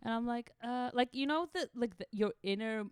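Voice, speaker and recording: A woman's voice: fairly high pitch, moderate pace, a little mellow, clean tone, dry recording, studio quality. A young woman from Israel, a podcast co-host, telling a wild travel story casually, swearing freely and laughing through it.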